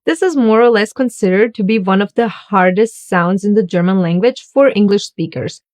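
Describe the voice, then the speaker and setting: A woman giving a scripted language lesson, speaking slowly and deliberately as she demonstrates each sound. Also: medium pitch, darkish tone. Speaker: German teacher.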